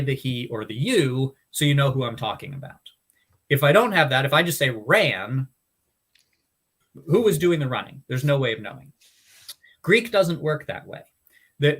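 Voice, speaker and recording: A man's voice: a little high, fairly bright tone. A man hosting a Bible study talk, explaining in an earnest, casual way with frequent restarts and fillers. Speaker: Bible study podcast host. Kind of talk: casual teaching chat.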